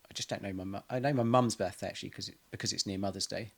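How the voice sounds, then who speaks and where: A man's voice: lowish voice, steady tone, very fast. A man talking casually to camera in a rambling personal monologue, full of ums and restarts. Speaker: vlogger.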